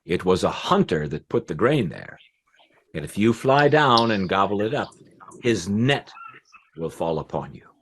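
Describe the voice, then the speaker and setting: A man's voice: fairly low pitch, big pitch swings, unhurried, a bit bright, a little hiss or hum, heavily acted. A man voicing a wise old tattered crow. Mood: warning. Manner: urgent warning, cawing shrilly.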